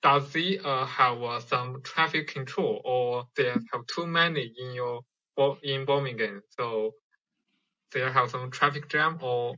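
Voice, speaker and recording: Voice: mid-range voice, a little slow, pushed and bright. Hesitant caller from China, muffled line. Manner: hesitant, many fillers. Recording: muffled call-in audio.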